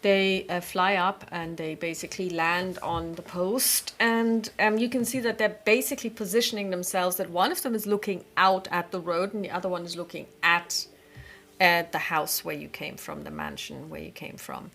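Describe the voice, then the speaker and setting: A woman narrating a tabletop game as game master, relaxed and rambling. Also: lowish voice, normal speed.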